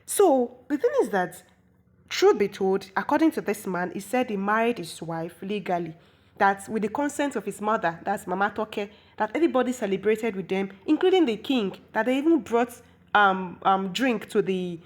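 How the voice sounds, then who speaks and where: A woman's voice: mid-range voice, lively intonation, moderate pace. A woman, chatty and opinionated, recapping a movie and explaining local words. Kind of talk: casual movie recap commentary.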